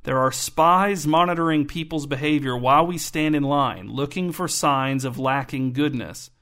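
A man's voice: a little high, moderate pace, fairly bright tone. A man reading the part of a sarcastic, suspicious middle-aged father in an audiobook, his talk growing heated. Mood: wry.

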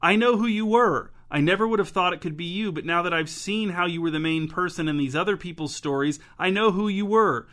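A man voicing an eager, excitable young woman who gushes in a breathless rush. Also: sits high, fairly quick, hardly any pauses, pitched above the performer's own voice. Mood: excited. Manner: gushing, breathless rush of words.

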